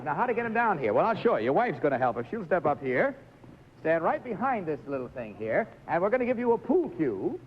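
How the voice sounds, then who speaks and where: A man hosting a live studio game show, jovially coaxing contestants through stunts in an old 1950s TV recording. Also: on the high side. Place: television studio with audience. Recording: dull lo-fi 1950s TV recording, faint hiss.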